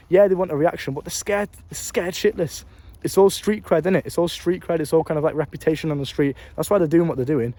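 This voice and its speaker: Young English man, rapid and slightly high-pitched, blunt and sweary, filming on his phone. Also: a little mellow. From England. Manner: blunt, profane, emphatic with street slang. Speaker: vlogger. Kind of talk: casual storytelling advice.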